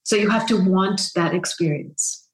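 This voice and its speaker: A woman's voice: mid-range voice, moderate pace, low-quality recording. A woman from the United States, a writer and interview guest, speaking earnestly and reflectively and repeating her phrases as she thinks. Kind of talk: conversational interview.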